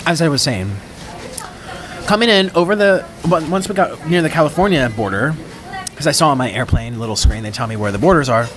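A man's voice: fairly high pitch, lively intonation, brisk, noisy background. Chatty man rambling through a mukbang. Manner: rambling, chatty, dramatic, self-interrupting. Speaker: mukbang vlogger. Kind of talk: casual storytelling while eating. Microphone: own microphone.

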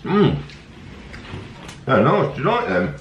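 A man's voice: medium pitch, wildly swooping pitch, slow, muffled recording. A man, chatting upbeat to viewers as he reviews snacks in a casual family vlog. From England. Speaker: family vlogger. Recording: echoey room, faint background noise.

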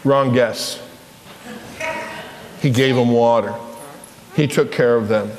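A man's voice: medium pitch, slow, a little hiss or hum. Male pastor with a children's lesson, echoey church. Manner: animated, asks children questions. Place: church sanctuary.

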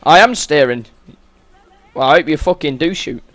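Male let's-play host, slightly high voice, sweary and exasperated, dry close sound. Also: lively intonation, normal speed, a bit bright, dry recording. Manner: sweary, exasperated running commentary. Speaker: gaming channel host. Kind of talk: let's-play game commentary.

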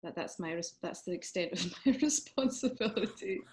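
A woman's voice: on the low side, animated, normal speed, a little mellow. Scottish woman guest, chatty, laughs a lot, video call. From Scotland. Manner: chatty, laughs often, trails off. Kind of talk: casual chat.

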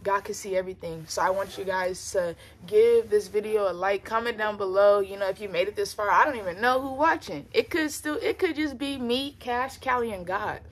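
A woman's voice: medium pitch, moderate pace, hardly any pauses. Young woman vlogger, emotional faith testimony, casual and repetitive, near tears, bedroom. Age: young adult. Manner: earnest, repeats phrases, casual slang and fillers. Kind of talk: personal faith testimony vlog. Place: her bedroom.

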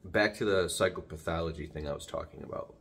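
A man's voice: low voice, quick pace, gravelly, a bit bright. A man vlogging casually about his dog, talking in a rambling way, jumping off topic and restarting sentences, filmed on a phone at home. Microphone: phone camera.

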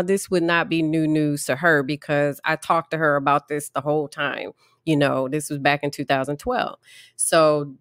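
A woman's voice: low-pitched, dry recording, clean studio sound. A middle-aged woman hosting a podcast, telling a story casually and acting out the people she quotes with big jumps in her voice. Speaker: podcast host and therapist.

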